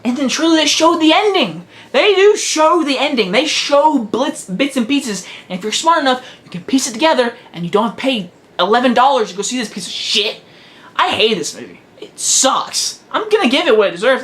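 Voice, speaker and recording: A man's voice: very high voice, sing-song, normal speed, fairly bright tone. A teenage boy giving a casual video movie review, blunt and emphatic, hammering his verdicts home again and again. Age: teens.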